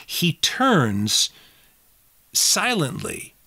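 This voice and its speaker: A man's voice: a little high, breathy edge, no room sound, clean studio sound. A man co-hosting a film podcast, talking casually and acting out quotes from scenes. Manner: animated, acts out quotes and reads poetry slowly and darkly. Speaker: podcast co-host.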